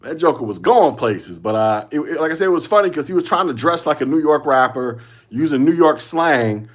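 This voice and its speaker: A man's voice: fairly high pitch, animated, a little fast, breathy edge. A man hosting a solo podcast, giving casual commentary in loose slangy talk, repeating himself and chuckling often. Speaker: podcast host.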